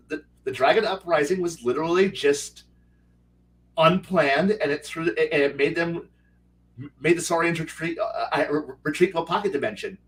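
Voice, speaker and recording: A man's voice: on the high side, distant mic, poor audio. A man telling stories from his tabletop game in casual chat, rambling with many restarts and acting out his players' lines. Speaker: game master.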